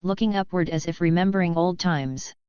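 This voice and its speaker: A woman reading a web novel aloud as an audiobook narrator, in a steady, even voice with little acting between the figures. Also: on the low side, a little fast, smooth, no echo, muffled recording.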